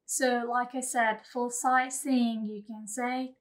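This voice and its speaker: Slow, chatty woman teaching phrases. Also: on the high side, flat delivery. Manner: chatty, laughs, many fillers like "um" and "you know"; says example phrases slowly and clearly, then repeats them. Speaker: language teacher. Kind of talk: casual spoken lesson.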